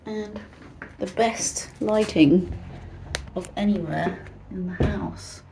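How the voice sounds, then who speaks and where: A woman's voice: medium pitch, slow, vocal fry, noisy background. A woman in casual vlog chat, rambling as she gives a tour of her home. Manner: chatty and rambling, soft asides to herself. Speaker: artist vlogger.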